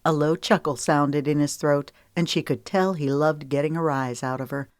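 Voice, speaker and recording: A woman with a notably low voice narrates an audiobook in an even, measured way. The recording is dry and close, with no room sound behind her. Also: no room sound.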